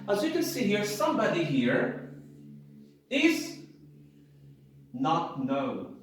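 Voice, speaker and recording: A man teaching an English grammar lesson, explaining slowly and repeating key phrases for emphasis. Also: high-pitched, very animated, heavy reverb.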